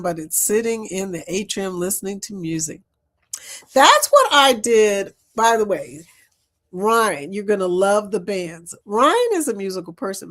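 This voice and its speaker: An older woman hosts a casual livestream chat, greeting viewers by name. She talks loudly, and her pitch swings up and down a lot. She laughs often. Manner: animated, laughs often, loud and lively. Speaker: live-stream host. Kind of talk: casual live-stream chat reading comments.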